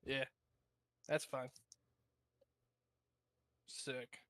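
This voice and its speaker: A man playing a tabletop game, talking in a flat, offhand way. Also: medium pitch, drawn-out words, no room sound. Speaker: player. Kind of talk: casual tabletop play.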